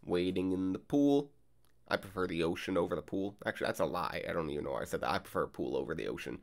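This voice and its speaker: A man with a low, expressive, creaky voice hosts a card game channel, talking at a quick pace. He chats casually and rambles with plenty of fillers while recording gameplay on a desk mic for his vlog and commentary.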